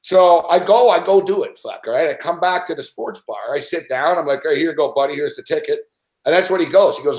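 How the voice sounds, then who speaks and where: A man's voice: a little high, fairly quick, a little mellow. A middle-aged man telling a long anecdote in casual chat, rambling and swearing constantly. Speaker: sports betting show regular. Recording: roomy echo.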